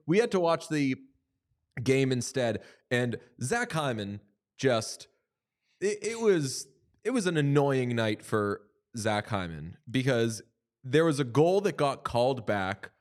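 A man co-hosting a sports podcast in casual chat, joking and animated, often slipping into quoted voices. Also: medium pitch. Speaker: podcast co-host.

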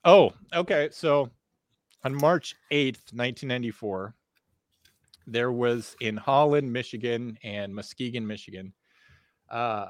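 A man guesting on a podcast, casually telling a rambling, animated anecdote with plenty of swearing. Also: mid-range voice, measured pace, dry recording.

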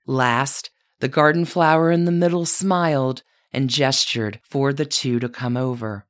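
A woman podcast host narrating from a script, speaking straight to her subject as "you". Her storytelling is measured and even. Her voice is strikingly low for a woman.

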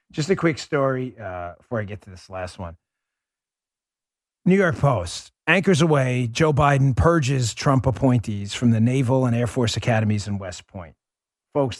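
A man's voice: medium pitch, no room sound, clean studio sound. A man hosting a political commentary show, speaking emphatically and sarcastically straight to his listeners. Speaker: show host.

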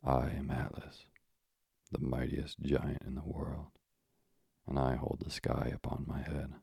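A vast, weary giant holding up the sky, roaring down in a booming, very deep, gravelly voice, as a man reads him aloud. His pitch barely moves, and the sound is dark and rough. Heard in a dry storybook reading. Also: little pitch movement, a little slow, no echo, full character voice. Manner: roaring, laughing.

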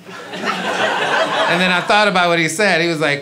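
This Brooklyn comic, from East New York and speaking with a New York accent, has a high-pitched voice and a moderate pace as he works a laughing crowd at a comedy club. His storytelling is animated, breaking into shouted punchlines and character voices, with loud audience laughter throughout.

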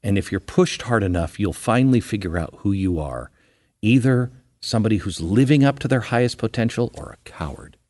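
A low-voiced man with a mellow, dark tone hosts a podcast interview. His pitch moves in a lively way as he lays out long, reflective questions. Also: fairly quick. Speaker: podcast host.

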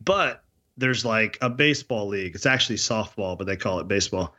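A man in casual chat, telling a hunting story in an animated, slangy way. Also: fairly low pitch, a little fast.

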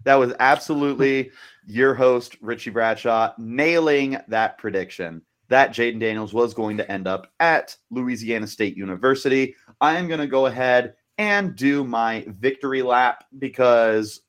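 A man's voice: medium pitch, moderate pace, a bit bright. A man hosting a casual sports podcast, bantering playfully and teasing his co-host.

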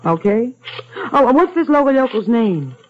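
A sarcastic gangster's moll. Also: female voice, on the high side, sing-song, moderate pace. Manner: sarcastic quips. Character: wisecracking gangster's moll, sharp and cynical. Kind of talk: 1950s radio acting. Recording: lo-fi old radio broadcast.

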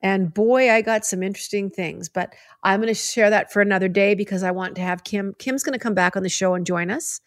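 Chatty, animated middle-aged woman host. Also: mid-range voice, a little fast, few pauses, no echo, clean studio sound. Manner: chatty, animated, giving heartfelt advice. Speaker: podcast host. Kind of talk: casual chat.

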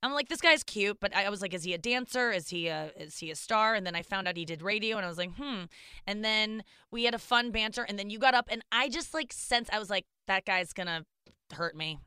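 Chatty woman hosting a podcast, smooth voice. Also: mid-range voice, expressive, fairly quick, bright, forceful tone, no echo, clean studio sound. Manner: chatty, rambling, self-interrupting. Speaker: podcast host. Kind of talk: casual chat.

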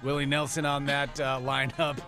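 A man's voice: mid-range voice, level tone, normal speed, sharp tone, soft background music. A man co-hosting a radio morning show, teasing and playful in joking banter from the studio. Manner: playful, teasing, mock-innocent.

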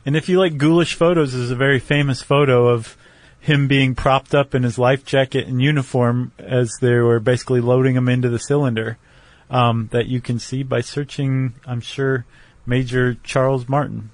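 A man's voice: medium pitch, level tone, normal speed, no echo. Laid-back man co-hosting with dry sound. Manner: laid-back, wry quips. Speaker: podcast co-host. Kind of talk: casual chat.

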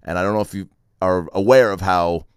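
A man's voice: low-pitched, brisk, smooth, no echo, studio quality. A man hosting a casual interview, asking eager, joking questions. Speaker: podcast host.

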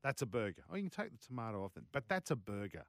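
A man hosting a sports radio talk show, bantering briskly and taking calls from listeners. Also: lowish voice, big pitch swings, gravelly, no echo, studio quality. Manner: brisk, plugs the text number, takes calls. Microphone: studio microphone.

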